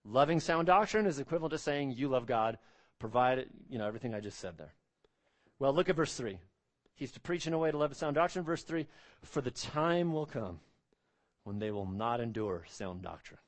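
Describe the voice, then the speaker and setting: A man's voice: on the high side, animated, fairly quick. Guy preaching a verse-by-verse sermon, punchy and repetitive, lots of "right?" style questions. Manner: emphatic, repeats phrases, asks the audience rhetorical questions. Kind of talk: expository sermon.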